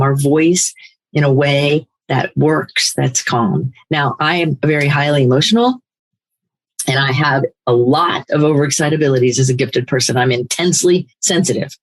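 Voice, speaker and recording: An older woman hosting a recovery podcast, speaking in a firm, emphatic, animated motivational way. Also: a bass voice, breathy edge, rough recording. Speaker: podcast host, recovery coach. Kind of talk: motivational talk.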